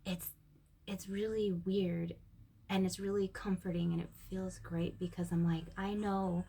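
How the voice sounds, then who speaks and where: A woman talks slowly and softly in a heartfelt personal monologue, recorded on her phone indoors. Her voice is husky and often slips into a breathy near-whisper. She stays at a middle pitch for a woman. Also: flat delivery, soft background music. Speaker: vlogger.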